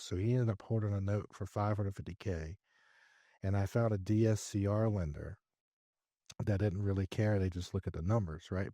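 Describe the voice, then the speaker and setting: A man as a podcast guest, telling a business story in a lively way and acting out his own dialogue. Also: on the low side, no room sound. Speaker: podcast guest, real estate investor. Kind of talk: conversational storytelling interview.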